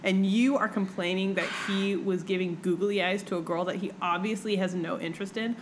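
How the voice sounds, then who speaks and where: A young woman chats animatedly about a book, swearing freely and slipping into quick character voices. Her pitch sits at an ordinary middle height, with a faint hiss behind her. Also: fairly even intonation. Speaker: podcast co-host. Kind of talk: casual book-discussion chat.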